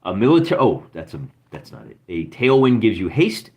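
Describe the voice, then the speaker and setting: A man's voice: on the low side, sing-song, moderate pace, a little mellow. A man hosting a solo journaling game, thinking aloud and chatting with his live chat. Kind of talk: casual let's-play narration.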